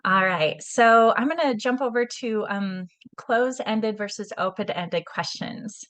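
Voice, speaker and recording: A woman's voice: medium pitch, a little slow, fairly bright tone. Woman instructor, easygoing lecture delivery, filler-heavy, mid-range voice. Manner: casual, conversational, frequent ums and restarts. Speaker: communication skills instructor. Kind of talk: online class lecture.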